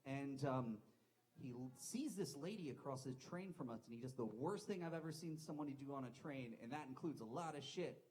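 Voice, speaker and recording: A man's voice: medium pitch, animated, a little fast, darkish tone, rough recording. A man doing a live stand-up set at a comedy club, rambling and self-deprecating, swearing a lot. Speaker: stand-up comic.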